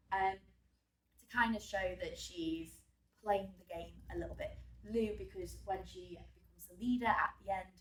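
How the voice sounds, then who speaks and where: A woman's voice: fairly low pitch, recorded from a distance, a little hiss or hum. A woman who teaches drama walks through a revision lesson, chatting and thinking aloud, sometimes stopping to fix a slip. She was recorded in a school room with a roomy echo, and she sits some way back from the mic.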